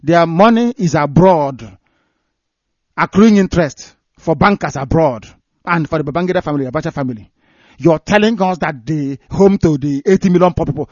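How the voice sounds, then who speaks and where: A man's voice: on the high side, normal speed, dry recording. A man with a Nigerian accent, a broadcaster delivering impassioned commentary and ranting with repeated phrases for emphasis. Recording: dry, dull lo-fi recording.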